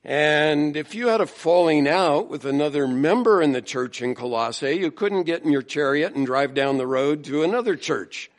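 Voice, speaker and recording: A man pastor preaching a sermon in a church, talking in a relaxed, conversational way and mimicking the people in his stories. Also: medium pitch. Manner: slow, conversational preaching with mimicked voices in anecdotes. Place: church sanctuary.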